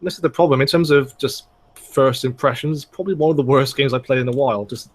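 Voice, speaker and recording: A man's voice: medium pitch, fast. A man hosting a podcast, giving blunt, critical opinions on games in casual chat. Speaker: podcast host.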